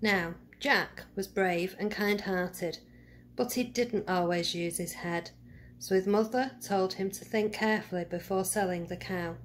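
A woman reading a fairy tale aloud to children, gentle and speaking to them directly. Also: mid-range voice, steady tone, a little slow, slight background noise. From United Kingdom. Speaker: storyteller for children. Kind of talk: read-aloud storytelling.

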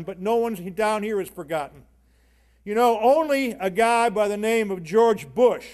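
A man, a union leader, giving a fiery rally speech, rousing the crowd with shouted call-and-response. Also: sits high. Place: organizing rally hall with a crowd. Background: faint crowd.

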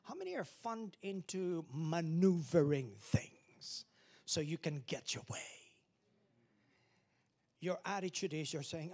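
A man's voice: fairly high pitch, animated, measured pace, gravelly, a little mellow, slightly rough. A man preaching a sermon as pastor, emphatic and calling on the congregation to repeat after him. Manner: emphatic preaching with call-and-response.

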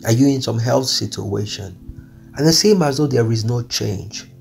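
A man's voice: medium pitch, moderate pace, gravelly, soft background music. A man delivering an earnest, pleading devotional sermon, repeating his phrases as he speaks. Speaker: preacher. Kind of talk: devotional sermon over music.

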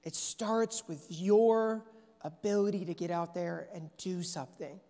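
With a high-pitched, mellow voice and a steady tone, a man delivers a sermon at a measured pace. He preaches earnestly through stories and keeps restarting, recorded in the echoing hall of a church sanctuary.

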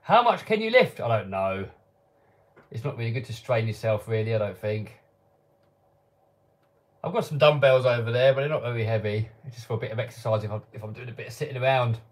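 Speaking fast in an expressive mid-range voice, a man answers his live chat during a casual stream from his home workshop. He reads the viewers' questions aloud and replies offhandedly, chuckling now and then.

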